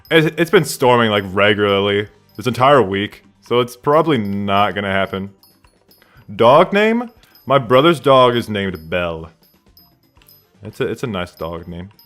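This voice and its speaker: A man's voice: fairly low pitch, fairly bright tone. A man streaming a game live from his room at home, rambling casually and answering chat questions aloud.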